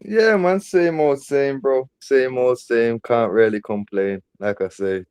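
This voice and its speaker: A man's voice: unhurried, a little mellow, clear, resonant tone, no room sound. A man, a regular on a football chat show, laid-back and slangy. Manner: laid-back, slangy, drops to a low mutter. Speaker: football podcast co-host.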